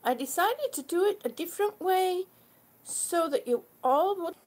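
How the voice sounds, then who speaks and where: A woman's voice: extremely high pitch, animated, normal speed, darkish tone. A woman hosting a casual live stream, a little out of breath, greeting her viewers effusively as sweetie and honey.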